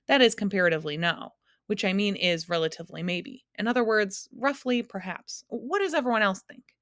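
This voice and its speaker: A woman's voice: medium pitch, expressive, fairly quick, a bit bright, no echo, clean studio sound, close to an everyday voice. A woman reading aloud and voicing a nervous, shapeless male giant who hedges everything he says. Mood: hedging. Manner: hedging, roaring then fretful.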